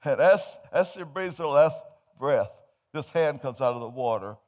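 A man preaching a sermon, telling humorous stories and swinging from hushed to loud as he tells them. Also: mid-range voice, lively intonation, normal speed.

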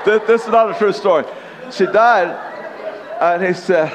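Here the preacher, a man in his sixties, has a high, animated voice and talks at a normal speed. He spins folksy tales in his sermon and dramatizes the quoted lines, all echoing with a long hall reverb.

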